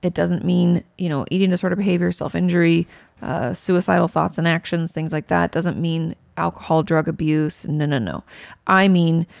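A woman in her thirties talks through viewer questions in an earnest, conversational way, leaning on fillers and emphasis. Her voice sits low with a gravelly fry. The sound is dry and close. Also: fairly even intonation, normal speed, darkish tone, dry recording. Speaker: mental health creator answering viewer questions. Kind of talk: casual Q&A monologue.

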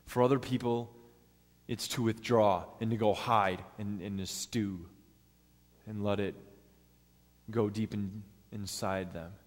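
A man's voice: on the low side, steady tone, slow, long pauses. Man preaching in a reverberant hall. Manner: earnest, step-by-step teaching with acted-out quotes. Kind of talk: sermon.

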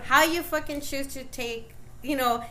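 Rich: A high-pitched middle-aged woman recounting a story in loose, profane chat, laughing often. Ambient noise sits clearly under her voice. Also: a little slow, sharp tone. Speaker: guest telling a story. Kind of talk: casual podcast chat.

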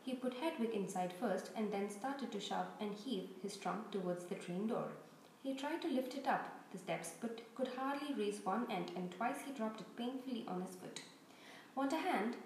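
A woman reading a storybook aloud with expressive, steady narration. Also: mid-range voice, moderate pace. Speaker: reader. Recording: very echoey room, faint noise.

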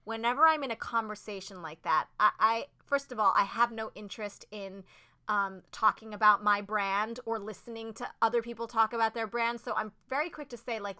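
Earnest, clear-voiced actress talking shop. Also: female voice, on the high side, brisk. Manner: earnest and animated, many "like"s and restarts. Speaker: Broadway actress, podcast guest. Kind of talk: casual interview chat.

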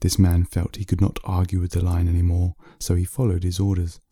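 A man reading a bedtime story aloud in a slow, soothing narration. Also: deep voice, monotone, mellow, no echo, studio quality.

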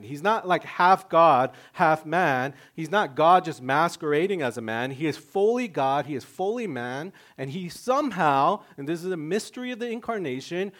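Guy preaching, chatty and animated, jokes about himself, voice a bit higher than most men. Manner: lively and conversational, with sudden loud rises and soft drops; self-mocking humor. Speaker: pastor. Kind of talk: sermon.

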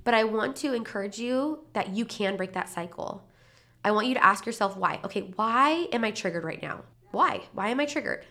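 A woman's voice: medium pitch, lively intonation, moderate pace, pushed and bright. A young adult woman hosting a parenting podcast, talking candidly and encouragingly in a casual solo chat, heavily pregnant. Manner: candid, encouraging, chatty with lots of "like".

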